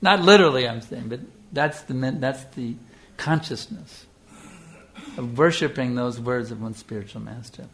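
An older man giving an earnest sermon, telling a devotional story with lively storytelling and frequent fillers. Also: medium pitch, moderate pace, slight background noise. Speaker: spiritual teacher.

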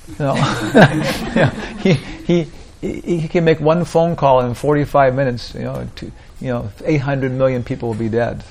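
A man's voice: mid-range voice, steady tone, normal speed, a little mellow, a little hiss or hum. A man teaching a small group in an informal spiritual talk, rambling and repeating "like that, you know" often.

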